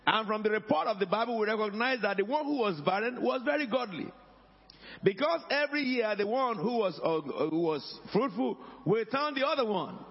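A man preaching a sermon as pastor, calling on the congregation and rising to shouts. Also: sits high, expressive, fairly quick, breathy edge, long reverb tail, lo-fi sound. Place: church hall.

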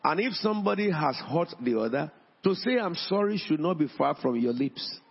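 A man preaching a sermon in a church, emphatic, with his pitch rising on key points. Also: lively intonation, moderate pace, gravelly, slightly rough. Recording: dull sound in a long-echo hall.

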